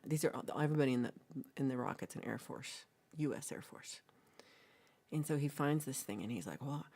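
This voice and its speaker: Low, mellow woman telling a rambling story. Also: gravelly. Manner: rambling, playful storytelling with asides. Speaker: livestream host. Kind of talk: casual chat, retelling a film.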